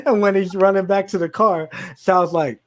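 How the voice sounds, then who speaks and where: Animated high-voiced man telling a story. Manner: animated, laughing, acts out quotes in raised voices. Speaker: podcast co-host. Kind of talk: casual storytelling among friends.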